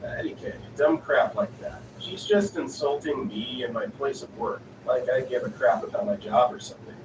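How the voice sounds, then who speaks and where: A man reading online stories aloud in an even, unhurried narrating style. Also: medium pitch. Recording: echoey, distant voice with noisy ambience.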